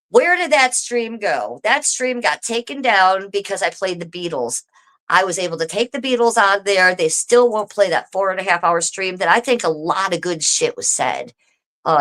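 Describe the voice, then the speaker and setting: A woman live streaming from home, talking straight to her viewers in a casual, swearing rant. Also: fairly low pitch. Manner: swearing, animated, talks to viewers directly.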